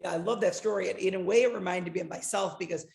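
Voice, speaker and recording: A woman's voice: lowish voice, fast, vocal fry, a little mellow. A middle-aged woman hosting a conversation over a video call, enthusiastic and affirming. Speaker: host. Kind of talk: casual conversation.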